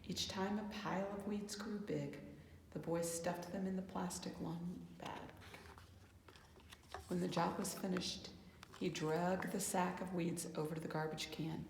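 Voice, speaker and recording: A woman reading a children's picture book aloud in a calm, gentle manner, closing with reflective questions. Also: lowish voice, unhurried, creaky, roomy sound, in a large hall, a little hiss or hum. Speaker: children's storyteller. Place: church hall.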